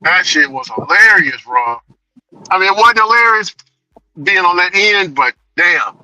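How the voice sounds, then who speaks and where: A man's voice: high-pitched, a little slow, low-quality recording. A man telling a story in casual chat as a delivery driver vlogger, laughing often. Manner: laughing, animated retelling.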